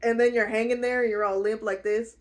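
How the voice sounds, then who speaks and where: A woman's voice: fairly high pitch, level tone, a little fast. A woman retelling a book in a casual, rambling way, giggling often and using lots of fillers. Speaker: book reviewer.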